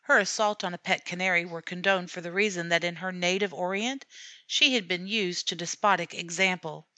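Woman reading an old classic audiobook, fairly low voice, dry close sound. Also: no room sound. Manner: measured, steady storytelling. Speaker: audiobook narrator. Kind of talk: scripted narration of a classic story.

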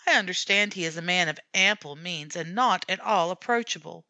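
A brusque, officious man running a fancy cat show, as a woman narrator puts him on. He sounds pushy and a little louder than the surrounding reading, with a bright, forward tone. It fits a classic storybook audiobook. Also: on the low side, a little fast, no echo. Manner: officious, then gruff.

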